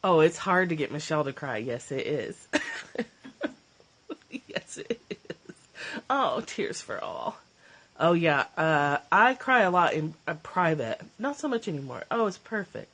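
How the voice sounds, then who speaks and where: A woman hosting a casual livestream from her phone, emotional and choked up, gushing and laughing, often clearing her throat. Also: low voice, animated, normal speed, a bit bright. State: teary, choked up. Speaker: livestream host, former therapist.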